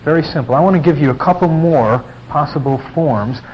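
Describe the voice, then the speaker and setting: A man's voice: a little high, fairly quick. A man, a pastor, teaching a class how to start conversations about faith, acting out sample dialogues in a conversational way. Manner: conversational, acts out sample dialogues with rising emphasis. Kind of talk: lecture to a class. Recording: dull lo-fi recording with faint noise.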